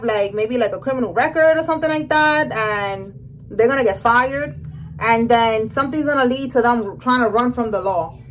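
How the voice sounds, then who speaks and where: Excited woman reading tarot. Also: high voice, slight background noise, low-quality recording. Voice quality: casual slangy speech. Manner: excited, emphatic, talks straight to the viewer. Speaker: tarot reader.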